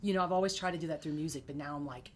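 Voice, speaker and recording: A woman's voice: racing, slight background noise. Chatty storytelling woman, lilt. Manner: chatty, animated, rises high when quoting others. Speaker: singer and guest. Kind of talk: candid storytelling interview.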